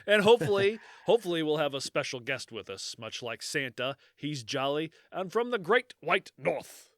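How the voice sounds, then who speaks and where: A man's voice: on the high side, sing-song, moderate pace, dry recording, studio quality. A man co-hosting a podcast in casual chat, joking and laughing often. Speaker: podcast co-host.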